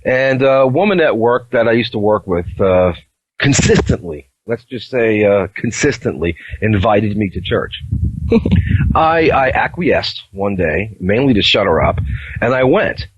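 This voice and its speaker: A middle-aged man from New York telling his life story as a podcast guest in a wry, unhurried way. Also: lowish voice, expressive, a little hiss or hum. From New York, USA. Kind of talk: casual storytelling interview. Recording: dull, lo-fi line.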